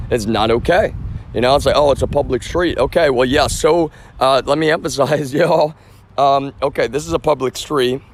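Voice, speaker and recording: A man livestreaming outdoors on a street, talking in an agitated, rambling rant full of swearing and asides to viewers. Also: medium pitch. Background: traffic.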